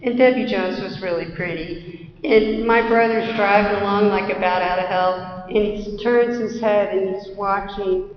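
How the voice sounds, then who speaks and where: A woman's voice: medium pitch, measured pace. A middle-aged woman sharing her recovery story at a conference, candid and self-deprecating. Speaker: AA speaker. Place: conference hall. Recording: roomy, dull conference hall recording.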